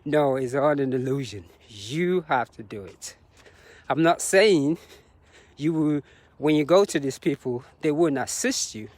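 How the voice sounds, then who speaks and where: A man's voice: mid-range voice, expressive, a little slow, a little mellow, dry recording. A man talking to the camera while jogging outdoors on a road, slightly out of breath and sharing reflective, motivational thoughts with frequent laughs. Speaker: vlogger. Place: outdoors on a road beside traffic.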